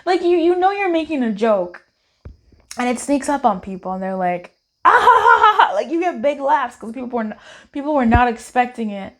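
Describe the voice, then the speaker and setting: A young woman giving a casual, playful tarot card reading, chatty and quick to laugh, calling her viewers babe. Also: on the high side, animated, darkish tone.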